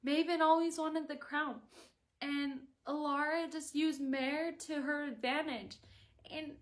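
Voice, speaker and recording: A woman's voice: high voice, fairly bright tone. A woman chatting casually to her viewers in a video review, gushing about a book and filling her talk with "like". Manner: gushing and chatty, with constant "like" fillers.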